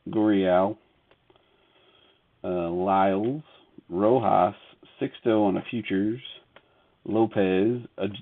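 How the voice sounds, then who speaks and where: A man's voice: lowish voice, vocal fry. A man hosting a casual live sports card break, reading out player names and chatting with viewers. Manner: reads player names off cards in a running list; laughs often, chats with viewers between cards. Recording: tinny phone-like audio.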